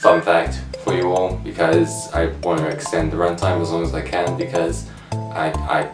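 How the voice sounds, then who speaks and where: A man's voice: low-pitched, little pitch movement, normal speed. A man narrating a comedic video review in a sarcastic, exasperated way, often swearing. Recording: background music under the voice.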